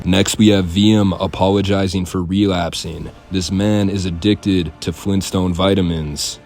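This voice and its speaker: A man with a very low voice delivers deadpan, mocking voice-over commentary as host. His tone stays flat and dry while he makes fun of people. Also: unhurried, faint music behind.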